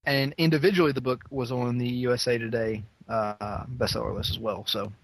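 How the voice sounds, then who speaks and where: A man co-hosting a fan podcast in casual chat, relaxed and laughing often. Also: medium pitch, fairly quick, no room sound. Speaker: podcast co-host.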